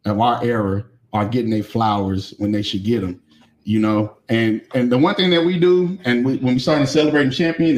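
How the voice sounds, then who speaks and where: A man hosting a podcast in casual chat, loose and joking. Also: mid-range voice. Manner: loose, joking, shouts out to viewers. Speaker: podcast host.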